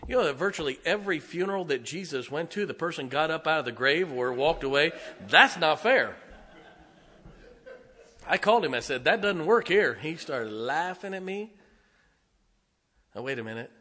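Bright-voiced folksy preacher man. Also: a little high, animated, normal speed, pauses often. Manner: folksy storytelling preacher, swings from loud to hushed. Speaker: pastor. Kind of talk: sermon.

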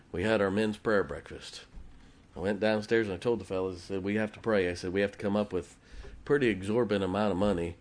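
A pastor with a somewhat low male voice tells a story from the pulpit. He is folksy and animated, and he acts out the conversations he quotes. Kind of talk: sermon storytelling.

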